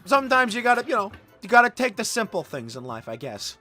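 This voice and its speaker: A man's voice: high-pitched, very animated, fast talker, over music. A man casually commenting on his own old video, rambling and self-deprecating with lots of filler words. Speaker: commentary host.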